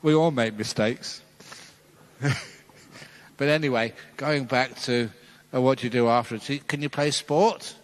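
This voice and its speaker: A male Buddhist monk giving a dharma talk, telling a playful story and chuckling at his own jokes. His voice sits at a middle pitch for a man, and it rings with a long reverb from a large hall. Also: measured pace, pauses often.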